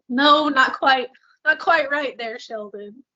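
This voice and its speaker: A woman co-hosting a casual podcast chat, earnest and quick to laugh. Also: sits high, bright, forceful tone, lo-fi sound. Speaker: podcast co-host.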